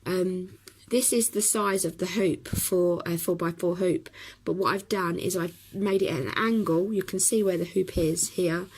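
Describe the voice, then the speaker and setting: Brief: hoarse woman, chatty craft tutor, lowish gravelly voice. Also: moderate pace, few pauses, a little mellow, rough recording. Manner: chatty, talks while working, many ums. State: hoarse from a cough.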